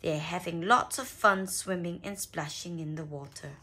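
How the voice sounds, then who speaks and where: A woman reading a children's picture book aloud, expressive, with small slips. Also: on the low side, moderate pace, husky. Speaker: storyteller.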